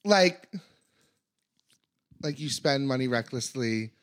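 A woman's voice: a bass voice, lively intonation, slow pace. A young woman co-hosting a podcast in casual chat, teasing bluntly and swearing freely. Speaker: podcast co-host.

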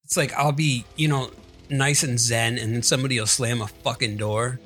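A man in casual, crude conversation, reacting quickly, swearing often and laughing a lot. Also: medium pitch, fairly even intonation, fairly bright tone, husky, soft background music.

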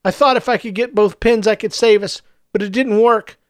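A man voicing a desperate young hero who shouts and sobs. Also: high-pitched, fairly even intonation, normal speed, clear, resonant tone, no room sound, close to an everyday voice. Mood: despairing. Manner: shouting then sobbing.

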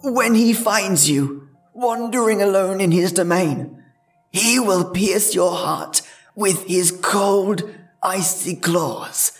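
A man voicing an eerie old grandmother who tells ghost stories in a slow, ominous hush. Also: sits high, recorded from a distance, soft background music, voice pushed up. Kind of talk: horror story narration.

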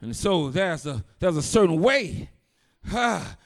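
A man with a notably high voice delivers a sermon as a pastor. He tells a story in an easy way and then lifts into forceful, emphatic preaching. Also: very animated, slow pace.

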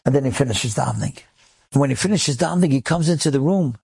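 Gravelly, husky rabbi telling a story. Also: male voice, on the high side, fast talker, darkish tone. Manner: emotive, builds to rising intensity. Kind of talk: inspirational storytelling.

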